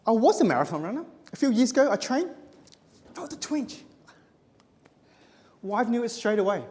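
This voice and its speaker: A man's voice: extremely high pitch, big pitch swings, moderate pace, darkish tone. Man joking in an echoey hall. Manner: punchy self-mocking delivery with comic timing. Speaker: contest speaker. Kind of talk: humorous stage speech. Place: stage in a conference hall.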